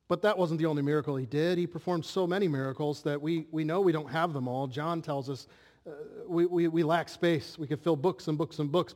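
This clip captures a male pastor's sincere sermon, frequently punctuated by rhetorical questions aimed at the listeners. His voice runs a bit high for a man, with a darkish tone, and a lengthy hall reverb trails through the audio.

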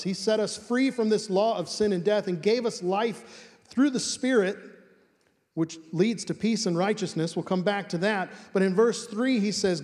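Man, middle-aged, pastor, sermon, emphatic, earnest, slightly high voice, long church-hall reverb. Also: a little mellow. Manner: emphatic, earnest, repeats words for stress.

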